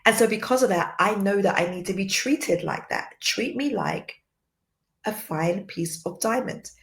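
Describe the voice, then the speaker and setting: A woman giving a livestream faith teaching, soft-spoken and earnest, repeating points for emphasis. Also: medium pitch, measured pace, vocal fry. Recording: roomy echo.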